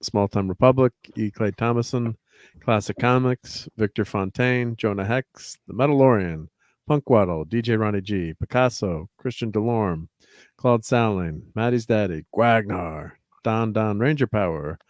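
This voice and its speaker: Low-voiced man hosting a casual stream. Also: measured pace, no echo, studio quality. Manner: relaxed, rambling thank-yous with fillers. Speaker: host. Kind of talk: casual livestream chat.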